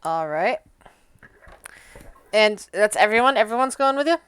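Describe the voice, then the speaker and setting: A woman's voice: medium pitch, expressive, a little slow, noisy background. A woman game master narrating a tabletop game, sometimes searching for words.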